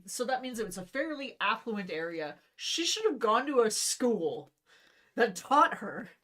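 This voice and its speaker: A woman's voice: on the high side, big pitch swings, measured pace, a bit bright. A young woman co-hosting a casual podcast, blunt and profane, laughing often between remarks. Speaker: podcast co-host. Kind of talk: casual chat.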